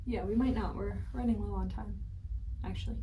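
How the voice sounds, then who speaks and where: A woman's voice: mid-range voice, steady tone, brisk, dark tone, far from the mic, slight background noise, low-quality recording. A woman teaching piano in a casual practice session, talking herself through the music between passages. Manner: chatty, thinking aloud between playing, counting beats. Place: room at a piano. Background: piano playing.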